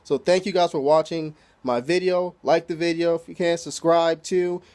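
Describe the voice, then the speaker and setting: A man's voice: fairly high pitch, fairly even intonation, normal speed, darkish tone. A man casually recapping an anime episode, loose and profane, packing his talk with "you know" fillers. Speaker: anime reviewer.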